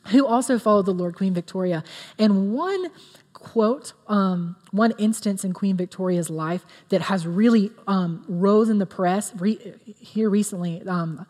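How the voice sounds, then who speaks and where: A woman's voice: medium pitch, unhurried, a little mellow. A woman giving a sermon in an earnest, conversational way, with many fillers. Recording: long reverb of a hall.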